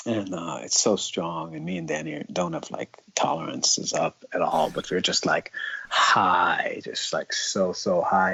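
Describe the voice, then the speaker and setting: Husky low-voiced man rambling casually. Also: a bit bright. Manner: rambling, leans heavily on "like". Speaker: guest musician. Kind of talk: casual storytelling. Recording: dull lo-fi sound.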